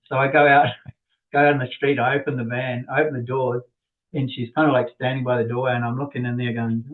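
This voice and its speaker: A man's voice: medium pitch, little pitch movement, quick pace. Guy inventor rambling through a story, lots of restarts, tinny phone-line audio. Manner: rambling, with many restarts and little laughs. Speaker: inventor, podcast guest. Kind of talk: casual storytelling.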